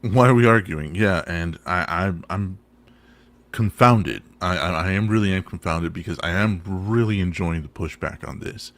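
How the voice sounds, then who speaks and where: A man co-hosting a casual talk show, animated and swearing, often restarting his sentences. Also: low-pitched, normal speed. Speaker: podcast co-host. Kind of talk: casual profane chat.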